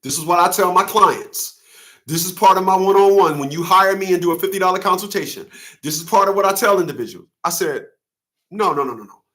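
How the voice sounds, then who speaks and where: Animated, rambling middle-aged man. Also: high voice, fast. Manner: animated, rambling, profane, many restarts. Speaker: father's rights advocate and host. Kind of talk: casual monologue to camera. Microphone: camera facing the speaker.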